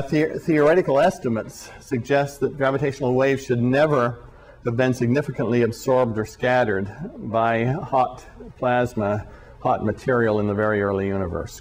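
Halting, deliberate male physics lecturer. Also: medium pitch, darkish tone. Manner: deliberate, halting delivery with frequent repeated words; dry sarcastic asides.

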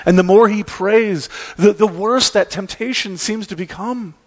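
A man's voice: sits high, a little slow. A male pastor preaching a sermon, telling a story with emphatic repeats.

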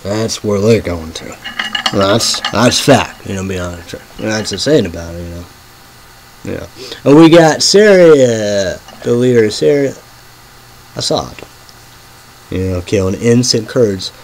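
A man rambling in a halting monologue, full of fillers, dropping to a murmur and then bursting out loud and swearing. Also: fairly low pitch, lively intonation, a little hiss or hum, low-quality recording. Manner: swings from murmuring to sudden loud outbursts. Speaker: vlogger.

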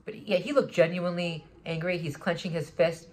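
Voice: mid-range voice, steady tone, brisk. A vlogger talking in an agitated, rambling monologue, often restarting sentences and swearing. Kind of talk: monologue recounting an encounter.

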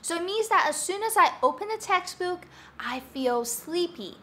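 A woman's voice: extremely high pitch, expressive, moderate pace, bright, forceful tone, a little hiss or hum. A woman teaching a Mandarin grammar lesson online, upbeat and explaining patiently with example sentences.

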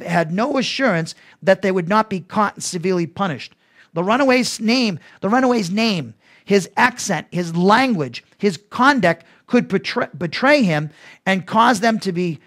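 A man's voice: sits high, a bit bright. A man teaching a Bible lesson as pastor, talking conversationally with restarts and asides to his listeners.

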